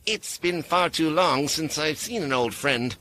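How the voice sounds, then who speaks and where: A man voicing an imperious, ageless female mage who speaks with sharp authority and sly sweetness. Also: high voice, big pitch swings, moderate pace, voice pushed up, heavily acted. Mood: wry. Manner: commanding and sly.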